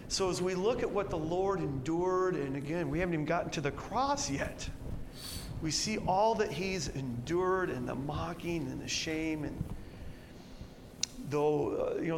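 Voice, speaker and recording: A male pastor preaching through scripture, voice swelling loud as he reads the verses and falling low and quiet to reflect. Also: in a large hall, noisy background. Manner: animated, rising loud when quoting verses, dropping low to reflect. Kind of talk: expository sermon reading scripture. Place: church sanctuary.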